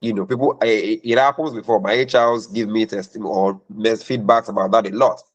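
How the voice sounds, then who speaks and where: A man's voice: on the low side, fairly even intonation, fairly quick, dull audio. A man talking as a career mentor in a question-and-answer session, emphatic and preachy, repeating points for stress.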